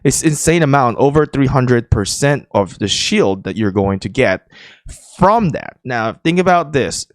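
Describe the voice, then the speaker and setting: A man's voice: medium pitch, lively intonation, a little slow, dry recording, studio quality. A man hosting a gaming channel, chatting casually as he walks through game screens, with frequent fillers and restarts.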